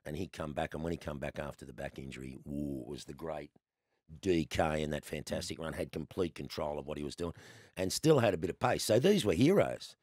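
Aussie bloke in his 60s, low voice, chatty storyteller, laughs a lot. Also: brisk, no room sound, clean studio sound. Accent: Australian. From Australia. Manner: lively storyteller, laughs often. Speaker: guest, former cricketer. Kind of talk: casual podcast chat.

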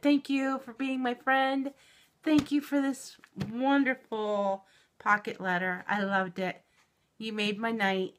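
A middle-aged woman opening a mail package in a home vlog, gushing and giggling, shaky with excitement. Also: a little high, unhurried, slight background noise. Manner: gushing and giggly, exclaims often. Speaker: YouTube reviewer. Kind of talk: unboxing vlog.

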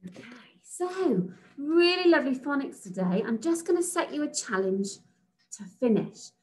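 A woman teacher from England giving a recorded phonics lesson to young children, sounding out letters slowly and praising them. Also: high voice, sing-song, a little mellow, low-quality recording. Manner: slow, sing-song, sounds out letters and praises. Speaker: reception class teacher.

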